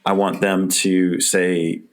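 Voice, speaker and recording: A man's voice: low voice, flat delivery, takes it slowly. A man hosting a podcast interview, speaking in a conversational, encouraging way. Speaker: podcast host. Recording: noisy podcast recording.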